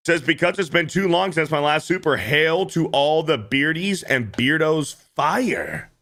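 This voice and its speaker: A man's voice: on the high side, lively intonation, measured pace, bright, forceful tone. A man hosting a livestream, reacting to clips in casual, profane commentary and often repeating himself. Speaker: livestream host.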